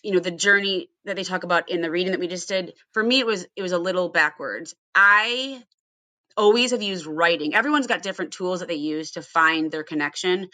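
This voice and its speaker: A woman's voice: fairly low pitch, fairly quick, bright, forceful tone, dry recording. A woman from Ohio hosting a casual recovery podcast, earnest and storytelling, often asking her guests questions. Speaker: podcast host.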